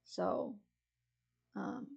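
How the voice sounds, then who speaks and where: A woman's voice: extremely slow, darkish tone, dull audio. A woman streamer chatting casually with her viewers, rambling and giggling, full of fillers and restarts. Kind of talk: casual chat with live chat.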